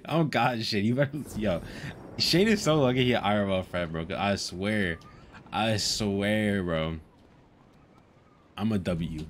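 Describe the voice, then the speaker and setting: Excitable young man streaming a game. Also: lowish voice, slow, a little hiss or hum. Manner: excitable, swearing, laughs often. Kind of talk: casual live-stream gaming chat.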